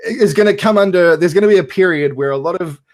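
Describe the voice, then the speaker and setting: A man's voice: high voice, fast, darkish tone, dry recording. Rambling male host, dry close sound. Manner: rambling, heavy on fillers like "like" and "you know". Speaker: podcast host leading a discussion. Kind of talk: casual chat.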